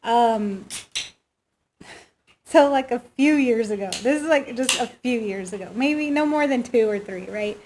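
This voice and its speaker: A woman in her late thirties hosting a casual interview chat, telling stories with lively quoted voices. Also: on the high side, unhurried, noisy background. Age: 30s. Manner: animated storyteller, acts out quoted voices.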